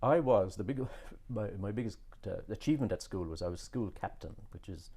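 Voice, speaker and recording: Irish man, middle-aged, podcast guest, rambling storytelling, dark husky tone. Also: lowish voice, expressive, fairly quick. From Ireland. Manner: rambling, many fillers and restarts, chuckles often. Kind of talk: relaxed conversational storytelling.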